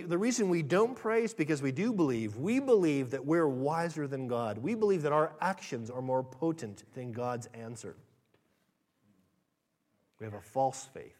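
A man preaching a sermon with a lively, swooping pitch that rides high on his emphatic points. He talks to the congregation in a conversational way, rising to loud emphasis and dropping to quiet asides. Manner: animated, conversational preaching that swings from loud to soft. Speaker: pastor.

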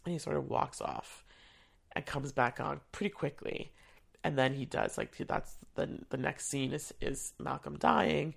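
Speaking a little slowly in a steady, creaky mid-range voice, someone who works in theater education shares a personal story. The telling is casual and full of fillers, with the speaker acting out other people's lines.

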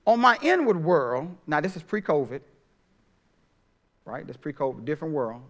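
A middle-aged man preaching a sermon as pastor, swinging from soft, drawn-out phrases to loud, emphatic ones. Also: a little high, sing-song.

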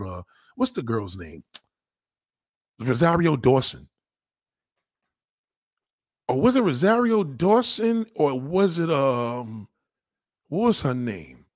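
Blunt, foul-mouthed male commentator; slightly high, husky voice. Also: darkish tone, no room sound, clean studio sound. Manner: blunt, crude and heated, addressing viewers directly. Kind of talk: profane relationship rant.

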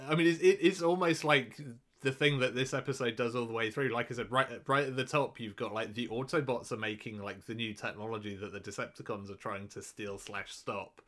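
A male podcast co-host talks in loose, joking chat. His voice is bright and forward, and his sentences ramble and restart as his ideas form. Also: medium pitch. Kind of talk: casual chat.

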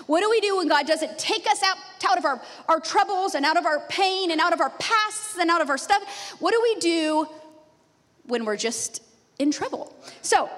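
A woman in her thirties preaching a sermon as a pastor, a lively storyteller who laughs often. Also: very high-pitched. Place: church sanctuary. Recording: long reverb of a church hall.

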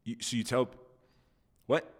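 A man's voice: a little slow, big-room sound. A man hosting a casual podcast chat who teases his co-host and sets up playful what-if scenarios. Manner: teasing, sets up playful hypotheticals.

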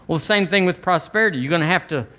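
A man's voice: a little high, animated, rapid-fire, bright, forceful tone. A man preaching a fervent sermon as pastor, leading his church in call-and-response.

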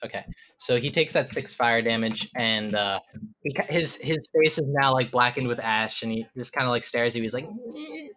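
Game master, bright tone, halting and amused narration of a tabletop session. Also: mid-range voice, a little hiss or hum. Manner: halting, amused, lots of fillers.

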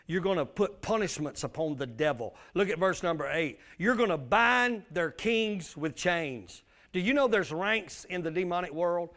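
A man's voice: high-pitched, lively intonation, normal speed, a bit bright. A male pastor, preaching a sermon with emphatic call-and-response.

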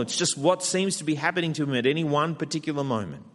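A man with an Australian accent preaching a sermon, acting out a sulky character's complaints in a lively way. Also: a little high, a little fast, hardly any pauses. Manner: animated, acts out Jonah's whiny complaints. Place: church hall. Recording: long hall reverb.

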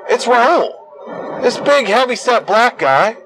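Young adult male host, high-pitched, swearing, combative rant, bursts into yelling. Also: very animated, slow pace, background noise. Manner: profane, combative and ranting. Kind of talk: angry solo rant.

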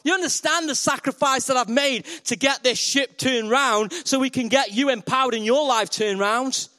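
A male pastor preaches with a high voice for a man. He is playful and energetic and keeps talking directly to his congregation. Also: normal speed. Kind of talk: sermon.

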